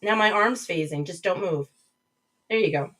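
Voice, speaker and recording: A woman running a live stream chats casually, reads out viewer comments and keeps restarting her rambling thoughts. She has a fairly low, somewhat bright voice at normal speed, recorded from a distance through a webcam mic a little back from the screen, with poor audio.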